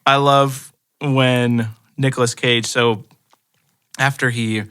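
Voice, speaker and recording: A man's voice: medium pitch, level tone, takes it slowly, a bit bright, clean tone. A man co-hosting a movie review podcast, happily recounting favorite scenes in casual chat with lots of giggling.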